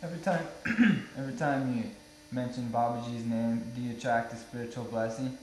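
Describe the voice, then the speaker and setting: A man in the audience asks hesitant, halting questions. His middle-pitched voice comes from far off the mic and echoes around the room. A faint hum sits underneath. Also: steady tone. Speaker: audience member asking questions.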